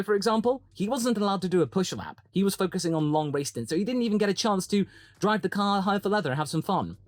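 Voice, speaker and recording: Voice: mid-range voice, no room sound. A motorsport commentator delivering a chatty opinion monologue, often breaking into dramatic quoted asides.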